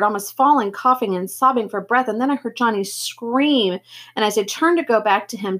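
A woman's voice: fairly high pitch, husky. Woman reading a novel aloud. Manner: expressive reading with occasional slips and restarts. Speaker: teacher reading to students.

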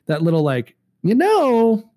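A man chats casually as a podcast co-host, his voice sitting a little high for a man. He rambles, backs up and restarts his sentences, and fills the gaps with ums and uhs. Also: huge pitch swings, unhurried, dark tone. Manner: rambling, many fillers and restarts. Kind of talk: casual chat about horror movies.

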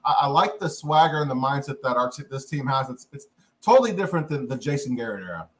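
A man hosting a sports podcast, steady and friendly as he introduces and steers the talk. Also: mid-range voice, fast. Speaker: podcast host. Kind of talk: casual sports chat.

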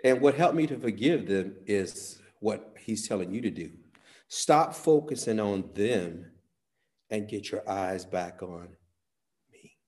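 A man preaching a sermon, swinging from soft, quiet phrases to sudden loud, emphatic peaks. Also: fairly low pitch, lively intonation, takes it slowly.

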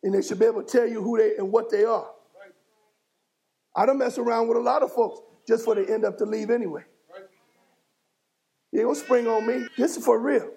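A man delivers a fiery sermon from the pulpit of a church, speaking. His voice sits high for a man and carries a gravelly edge, and he pushes his congregation with call-and-response and sudden shouts. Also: fairly even intonation, a little fast, long pauses, rough recording. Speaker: bishop preaching. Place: church sanctuary.

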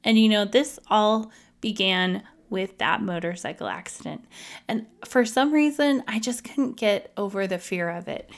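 A woman's voice: mid-range voice, vocal fry. A woman hosting a podcast, telling her own story in a candid, emotional, confessional way. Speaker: podcast host.

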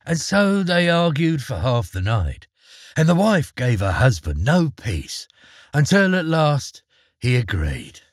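Expressive husky-voiced male storyteller. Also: medium pitch, slow pace, dry recording, studio quality. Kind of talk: read-aloud fairy tale narration.

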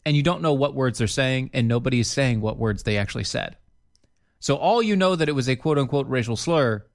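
A man co-hosting a casual podcast chat, animated and jokey, jumping up in pitch for emphasis. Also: a little fast. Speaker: podcast co-host.

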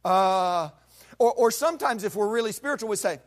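A male preacher delivers a lively sermon and acts out his Bible story with voices and sound effects. His voice sits high for a man. He speaks to a church congregation. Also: brisk. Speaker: pastor.

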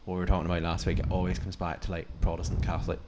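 A man's voice: low-pitched, flat delivery, very fast, heavy background noise. A young man with a Northern Irish accent, chatting casually on a podcast and rambling with lots of fillers. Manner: rambling, many fillers, acts out quotes. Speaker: podcast co-host. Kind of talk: casual chat.

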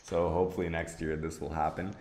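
Deep-voiced man in his twenties. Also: brisk, slight background noise. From Brazil. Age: 20s. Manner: relaxed, peppered with "you know" and "like". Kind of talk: casual chat.

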